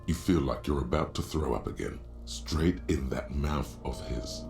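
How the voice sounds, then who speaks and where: Grave game narrator, super deep and gravelly, slow and ominous. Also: male voice, music in the background.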